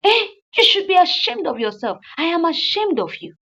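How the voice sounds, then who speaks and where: A woman voicing a furious betrayed wife who scolds her cheating husband in a high, loud, shrill voice. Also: sing-song, a little slow, dull audio. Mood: outraged.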